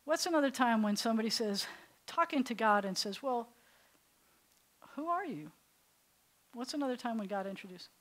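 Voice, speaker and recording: A woman rabbi teaching a class, telling the story in an animated, conversational way. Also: on the high side, fast. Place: synagogue classroom.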